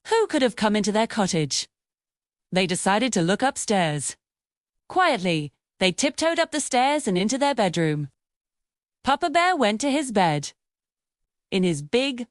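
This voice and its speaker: A woman reading a bedtime story aloud in a gentle, expressive way. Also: on the high side, dry recording, clean studio sound.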